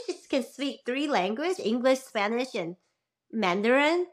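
A woman hosting a casual interview, talking in an emphatic, animated way. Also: fairly high pitch, unhurried. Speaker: host.

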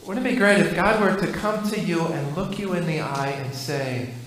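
Male pastor, high voice, earnest repetitive sermon cadence, very echoey church hall. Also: moderate pace, fairly bright tone, a little hiss or hum. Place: church sanctuary.

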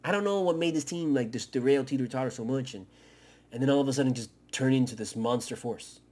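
Profane, excitable male sports podcaster. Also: mid-range voice, fast. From Miami area. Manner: profane, excitable, swings between shouting and muttering. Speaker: podcast host. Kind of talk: fan commentary rant.

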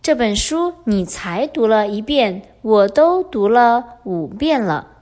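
A young woman hosting a podcast lesson, explaining clearly and switching between English and Mandarin. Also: fairly high pitch, very animated, takes it slowly, a little mellow. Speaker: podcast host and Chinese teacher.

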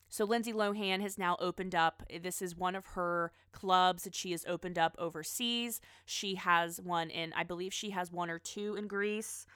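A woman's voice: on the low side, fairly bright tone, smooth, no room sound, clean studio sound. A woman in casual chat, rambling about pop culture with frequent restarts and asides.

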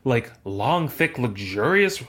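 A woman in her thirties co-hosting a podcast, chatting casually and acting out quotes in an animated way. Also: slow pace. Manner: animated storyteller, acts out quotes in high voices. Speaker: podcast co-host. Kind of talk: casual chat.

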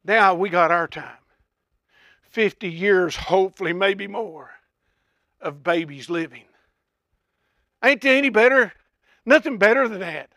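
An older man preaching a folksy, impassioned sermon that swells into shouts. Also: high voice, unhurried, pauses often, no room sound, clean studio sound.

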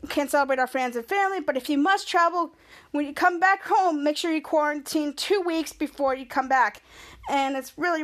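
A young woman hosting a podcast, excitedly recapping a TV episode and acting out the characters' lines in playful voices. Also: high-pitched. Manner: excited, rambling, acts out quotes in playful voices. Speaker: podcast host.

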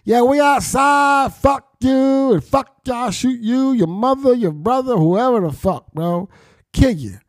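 A man's voice: very high voice, slow pace, dry recording, clean studio sound, pitched above the performer's own voice. A man mocking a brash young street tough. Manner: mocking, yelled taunts.

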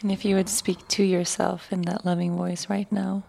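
A woman hosting a group sharing circle, guiding with gentle, short prompts. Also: on the low side, little pitch movement, normal speed, creaky, no room sound. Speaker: podcast host.

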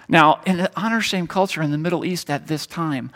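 A man preaching a sermon, telling a story and moving between loud emphasis and hushed tones. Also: a little high, brisk, few pauses. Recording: long hall reverb.

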